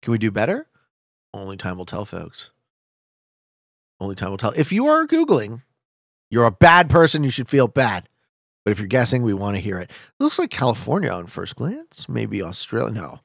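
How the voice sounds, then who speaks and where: A man streaming a geography guessing game, chatting to viewers with loud hype bursts and quiet muttering while he thinks. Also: fairly low pitch, wildly swooping pitch, moderate pace, creaky, dry recording, studio quality. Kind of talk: casual gameplay commentary.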